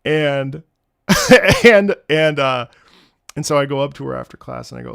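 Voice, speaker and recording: A man's voice: mid-range voice, normal speed, gravelly, no echo, studio quality. A young man telling stories to his chat on a livestream, laughing often and acting out the people he quotes. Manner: animated, laughs often, acts out quoted voices. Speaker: streamer reacting to game music. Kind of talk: casual storytelling on a livestream.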